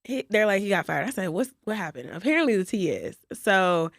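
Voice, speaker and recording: A woman's voice: mid-range voice, brisk, vocal fry, no echo, studio quality. A woman co-hosting a casual podcast, telling a workplace story with lots of acted-out quotes and asides. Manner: animated gossiping storyteller, acts out quotes. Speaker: podcast co-host.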